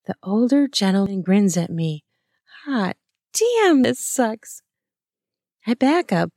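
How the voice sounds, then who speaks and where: A woman reading an intimate first-person erotic story in a breathy, playful way, with soft laughs and gasps. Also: on the low side, no room sound, clean studio sound.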